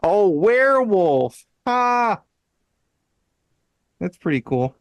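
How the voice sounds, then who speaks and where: A man's voice: sits high, sing-song, drawn-out words, dry recording, rough recording. A man co-hosting a casual podcast, reading website text aloud with playful emphasis and frequent laughter. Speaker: podcast co-host.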